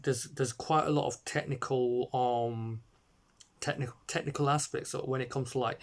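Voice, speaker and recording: A man reviewing a short film in a casual, rambling way, full of fillers and restarts, talking into a phone or webcam. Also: mid-range voice. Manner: hesitant, many fillers and restarts.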